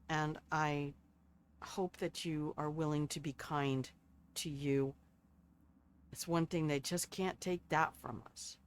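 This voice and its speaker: An older woman signing off a game livestream, chatty and affectionate with a self-deprecating streak. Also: low voice. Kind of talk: casual livestream sign-off. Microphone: streaming desk microphone.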